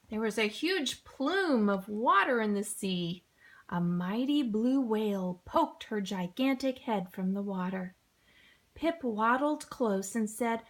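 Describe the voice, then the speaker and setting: A woman reading a children's picture book aloud, expressive and acting out sound effects. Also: medium pitch, takes it slowly. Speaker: storybook reader. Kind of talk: children's storybook read-aloud.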